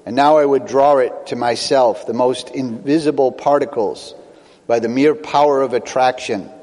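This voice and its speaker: An older man preaching a sermon as pastor, earnest, with quick bursts and slow emphatic phrases. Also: mid-range voice, darkish tone, long reverb tail.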